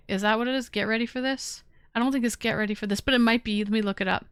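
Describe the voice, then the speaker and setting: A young woman hosting a live-streamed call-in show, chatting casually and getting excited as she talks. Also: fairly high pitch, fast talker, smooth, no room sound, clean studio sound. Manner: excitable, chatty, bursts into shouting and humming beats.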